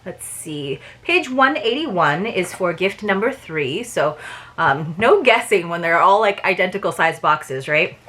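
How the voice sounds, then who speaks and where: Chatty, animated woman vlogger. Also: fairly low pitch, measured pace. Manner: chatty, with frequent fillers. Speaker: book box reviewer. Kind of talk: casual unboxing vlog and reading aloud.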